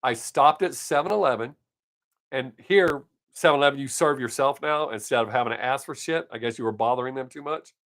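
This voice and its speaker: A man's voice: medium pitch, brisk, fairly bright tone. A middle-aged man hosting his live stream, telling everyday stories in a casual, blunt way with swearing and frequent chuckles. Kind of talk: casual storytelling chat.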